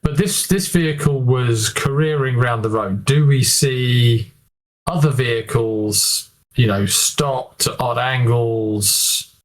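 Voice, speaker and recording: A man's voice: mid-range voice, slow, a little hiss or hum, low-quality recording. A man playing in a tabletop game, thinking aloud and hesitant, asking the game master questions. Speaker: player.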